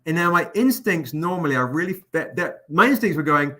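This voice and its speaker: A man hosting a livestream, telling an anecdote in a casual, animated, profane way. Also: fairly high pitch, fairly quick. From England. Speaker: comic publisher hosting a livestream.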